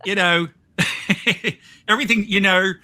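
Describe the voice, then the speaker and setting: This older podcast host from the US also chats casually, wandering off track, cutting himself off, and laughing frequently. He speaks slowly in a high, bright, forceful voice with fairly even intonation.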